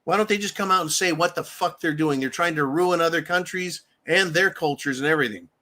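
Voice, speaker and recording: A man delivers a fierce political rant in a high, sharp, bright voice. He swears often and turns angry and mocking as he talks. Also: fairly quick. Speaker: political commentary host.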